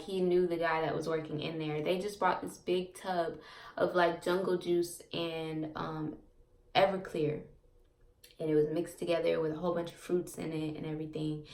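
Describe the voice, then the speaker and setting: Gravelly-voiced young woman chatting off-mic. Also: lowish voice, a bit bright, far from the mic. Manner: chatty, repeats herself, lots of "like" and "um". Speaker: vlogger. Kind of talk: casual storytelling to camera. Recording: echoey room, off-mic.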